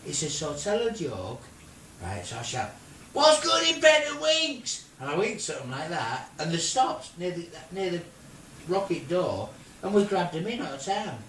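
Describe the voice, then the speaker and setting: An older man, a grandfather, telling a silly made-up story in an animated way, with squeaky put-on voices for the people in it. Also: normal speed, slight background noise. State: ill. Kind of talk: playful bedtime-style storytelling. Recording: roomy home video from a distance.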